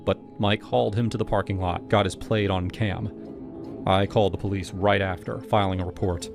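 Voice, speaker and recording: A man giving a brisk, wry scripted first-person narration of a horror story. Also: deep voice, steady tone, vocal fry. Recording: over loud background music.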